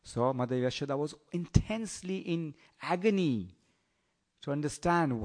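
Animated male preacher telling a story. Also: a little high, moderate pace. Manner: animated, teasing, asks the audience questions. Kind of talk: storytelling sermon.

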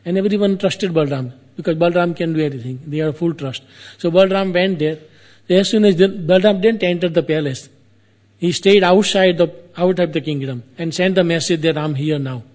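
A man retelling an epic tale in a casual storytelling style, his phrasing loose and halting, with repeats and asides to the listener. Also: a little high, darkish tone.

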